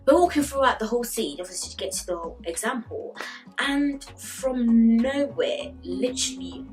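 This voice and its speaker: A woman's voice: mid-range voice, far from the mic, low-quality recording. A young woman tells a story-time vlog in a loose, chatty way, packing her talk with fillers. Her voice sits a little back from the mic, and faint music plays under it. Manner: chatty, animated, full of fillers. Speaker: vlogger.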